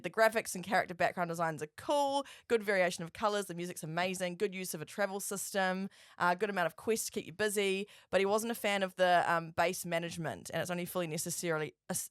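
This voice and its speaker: A young woman co-hosting a casual podcast, chatty and quick to laugh as she reads out listener comments. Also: lowish voice, fairly bright tone, clear, resonant tone, no echo, studio quality. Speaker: podcast co-host. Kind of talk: casual chat.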